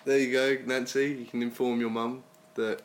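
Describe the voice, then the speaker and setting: A man's voice: mid-range voice, flat delivery, normal speed, a little hiss or hum. A man hosting a casual podcast, teasing his co-host and laughing often. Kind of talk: casual banter.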